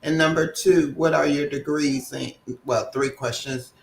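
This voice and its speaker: Man co-host, relaxed livestream chat, slow, a bit roomy with faint background hum. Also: fairly high pitch, vocal fry. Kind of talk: casual livestream chat and job advice.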